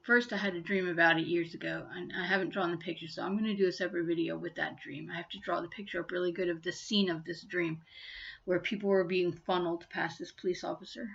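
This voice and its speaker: Earnest, bright-voiced woman in her fifties. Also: on the low side, fairly even intonation, quick pace, vocal fry, lo-fi sound. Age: 50s. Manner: earnest, indignant retelling of an incident. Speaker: vlogger. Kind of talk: personal storytelling vlog.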